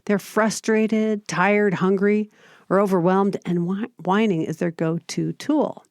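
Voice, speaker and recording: A woman hosting a parenting podcast, giving scripted advice in a calm, steady, explanatory way. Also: mid-range voice, takes it slowly, dry recording, studio quality. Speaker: podcast host.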